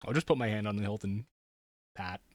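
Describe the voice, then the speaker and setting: A man's voice: lowish voice, brisk, dry recording, studio quality. A man playing in a tabletop game, talking in a wry, playful way. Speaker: player. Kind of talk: casual chat.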